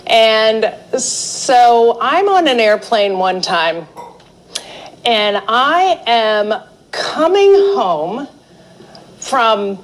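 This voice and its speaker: Slow, chatty woman teaching a class. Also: fairly high pitch, a little hiss or hum, rough recording. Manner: chatty, animated storytelling with frequent laughs. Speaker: art therapy instructor. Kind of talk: live teaching with personal anecdote. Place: indoor class or seminar room.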